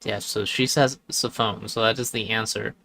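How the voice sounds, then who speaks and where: A man's voice: lowish voice, steady tone, pushed and bright, a little hiss or hum. Man musing aloud while gaming. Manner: musing, thinking aloud with pauses. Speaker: streamer. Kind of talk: casual gameplay commentary.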